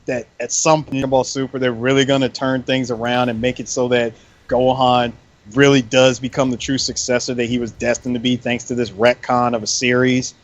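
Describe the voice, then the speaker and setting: A man's voice: medium pitch, flat delivery, brisk, lo-fi sound. A man co-hosting a podcast, trading profane, laughing banter in casual chat. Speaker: podcast co-host.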